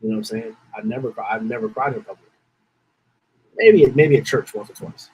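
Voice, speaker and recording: Very animated and brisk, a man hosting a podcast rambles through a story, repeating phrases and holding back tears. His medium-pitched voice is a little mellow. There's slight background noise, and the recording quality is low.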